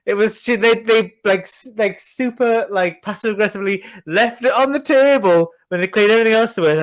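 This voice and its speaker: A man's voice: high voice, moderate pace. A young British man co-hosting a podcast, telling rambling, joking stories in casual chat. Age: young adult. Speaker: podcast co-host.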